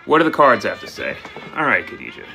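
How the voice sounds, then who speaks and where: A man doing a live tarot reading, playful and animated, talking straight to viewers and acting out their questions and answers. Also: lowish voice, quick pace, vocal fry, over music. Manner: voices questions and answers as quoted speech. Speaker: tarot reader taking questions.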